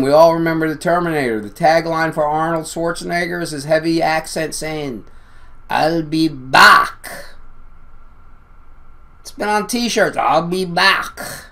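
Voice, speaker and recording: A man's voice: on the high side, moderate pace. Insistent man talking to viewers. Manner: insistent, emphatic, often addressing viewers as "people". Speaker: video host. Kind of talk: casual monologue to camera.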